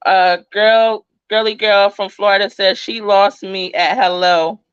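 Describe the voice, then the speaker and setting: A middle-aged woman with a New Jersey accent hosting a true crime livestream, talking loudly, fast and passionately in casual chat. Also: medium pitch, steady tone, clean tone, dry recording. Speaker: true crime YouTube channel host. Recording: slightly dull dry recording.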